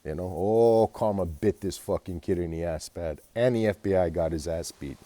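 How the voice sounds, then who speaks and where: Deep mellow guy rambling on about his life, swears a lot, dry sound. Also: moderate pace, no room sound. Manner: profane, agitated storytelling with frequent fillers. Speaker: vlogger. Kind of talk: rambling personal monologue.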